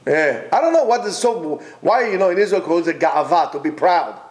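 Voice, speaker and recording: Male Torah teacher with a high voice, rhetorical and insistent, informal class delivery. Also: expressive, normal speed. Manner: emphatic, rhetorical, repeats points; talks directly to absent listeners.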